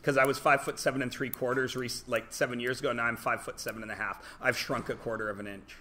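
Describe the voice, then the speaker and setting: A man's voice: mid-range voice, level tone, fast, sharp tone, a little hiss or hum. A male teacher giving a joking, self-deprecating classroom lecture to his students.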